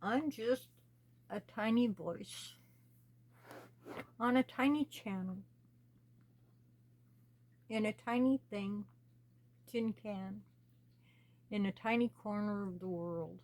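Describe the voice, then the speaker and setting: A woman from the United States, talking slowly and earnestly as host of her own small channel, pleading with her listeners. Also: medium pitch, a little mellow. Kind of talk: personal spoken commentary.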